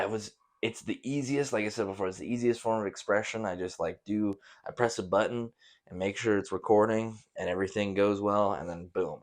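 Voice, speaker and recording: A young man hosts a podcast in a loose, rambling monologue. His voice sits on the low side. He swears casually and leans on fillers as he talks. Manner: laid-back, profane, rambling with many fillers. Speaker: podcast host.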